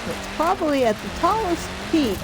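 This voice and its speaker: A woman's voice: high voice, sing-song, normal speed, heavy background noise. An older woman streaming a racing game, chatting casually and giggling often. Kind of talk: casual live-stream commentary.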